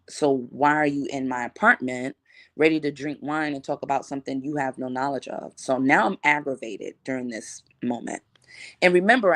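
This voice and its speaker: A woman in her thirties telling a casual storytime vlog in a relaxed, slangy way, acting out her own past lines. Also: extremely low pitch, no room sound, studio quality. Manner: relaxed slangy conversational delivery. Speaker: vlogger.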